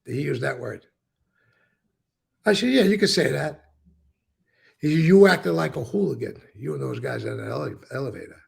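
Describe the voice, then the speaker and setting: Gravelly, husky man telling stories. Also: medium pitch, big pitch swings, moderate pace, pauses often. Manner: acts out quoted dialogue, repeats words, swears. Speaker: former mobster telling stories. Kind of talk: casual storytelling interview.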